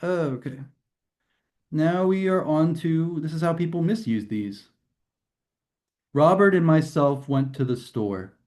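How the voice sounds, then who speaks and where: A man's voice: on the high side, slow, pauses often, a little mellow. A man tutoring grammar in a recorded lesson, explaining casually with fillers and restarts. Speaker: test prep tutor.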